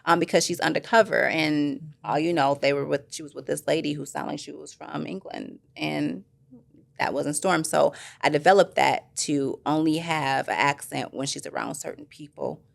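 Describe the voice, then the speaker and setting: Gravelly-voiced actress rambling in an interview. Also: female voice, sits low, moderate pace. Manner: rambling, animated, acts out quoted voices. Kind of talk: casual interview chat.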